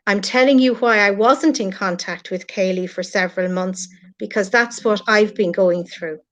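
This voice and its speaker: A woman's voice: mid-range voice, normal speed, a little hiss or hum. A middle-aged woman with an Irish accent, speaking earnestly and from the heart as a guest on a live stream. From Ireland. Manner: earnest, heartfelt, addresses critics directly. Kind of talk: emotional live-stream chat. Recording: lo-fi online stream audio.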